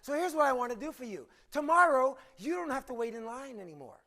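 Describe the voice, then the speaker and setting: A man's voice: very high-pitched, expressive, moderate pace, gravelly, heavily acted. A man voicing a chirpy, overly friendly female coffee shop clerk in a story he tells. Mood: bubbly. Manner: bubbly, singsong and overly friendly.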